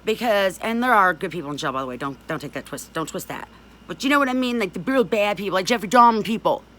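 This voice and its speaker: A woman's voice: mid-range voice, lively intonation, quick pace, fairly bright tone, slight background noise. A middle-aged woman delivers a furious direct-to-camera rant. Her voice sits in an ordinary mid range, and she talks in an accusing, emphatic way, pressing every point. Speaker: abuse survivor speaking out.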